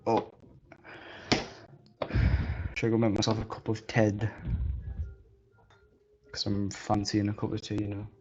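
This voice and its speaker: A man's voice: fairly low pitch, completely flat delivery, measured pace, long pauses, darkish tone, slight background noise. A man streamer chatting casually on a live stream, joking and self-deprecating. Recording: dull lo-fi recording.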